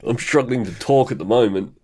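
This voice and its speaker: A man's voice: medium pitch, a little fast, dark tone. Aussie guy cohosting a podcast, chill, lots of yep and yeah. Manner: laid-back, short agreeing replies. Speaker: podcast co-host. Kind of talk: casual chat.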